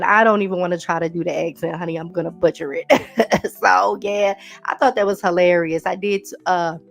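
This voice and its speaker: A woman hosting a podcast, giving a casual recap and talking straight to her listeners. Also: medium pitch. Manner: chatty, talks straight to listeners with "y'all" and "honey". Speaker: podcast host. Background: faint background music.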